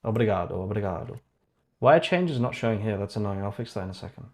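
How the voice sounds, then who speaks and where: A man's voice: lowish voice, expressive, fast talker, a little mellow. A man hosting a casual live-coding stream, reading chat aloud and muttering sarcastic asides as he works. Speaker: streamer building an online store.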